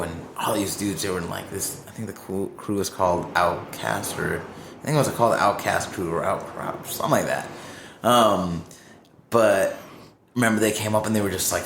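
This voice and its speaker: Excitable low-voiced man in a roomy space. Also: slight background noise. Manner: animated, swears freely, acts out what people said. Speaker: touring crew guest. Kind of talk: casual storytelling. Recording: roomy with faint ambience.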